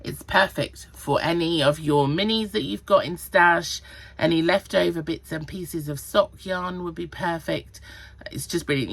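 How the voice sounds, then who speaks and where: A woman from Cornwall with a low, husky, fairly bright voice and vocal fry hosts a knitting podcast. She chats casually about her projects and counts rows and sizes under her breath.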